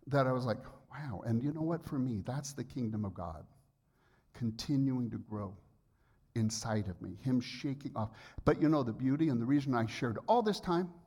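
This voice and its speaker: 60s guy preaching in church, tells his own story, gets loud and emphatic sometimes. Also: medium pitch, slightly rough. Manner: personal storytelling, rising to emphatic outbursts. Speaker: pastor. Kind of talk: sermon.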